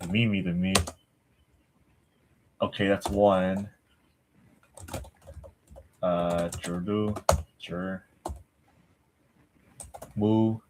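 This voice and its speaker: A man thinking aloud while studying, halting and mumbling as he works something out. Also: low voice, flat delivery, noisy background. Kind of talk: casual chat while studying.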